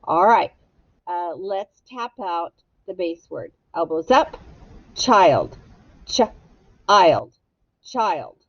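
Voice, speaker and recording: Slow, patient woman teaching phonics. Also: fairly low pitch, animated, no room sound, dull audio. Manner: slow, patient, spells words out sound by sound. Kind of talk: phonics lesson for young children.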